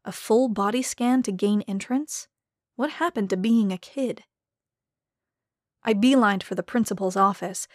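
A woman narrating a story in a measured, even way. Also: medium pitch, dry recording, clean studio sound. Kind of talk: scripted narration.

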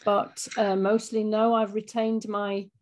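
A woman in her fifties with an English accent, a writer of audio drama, chatting as a guest in a thoughtful, unhurried and self-deprecating way. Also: medium pitch, little pitch movement, a little mellow. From England. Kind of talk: casual interview chat.

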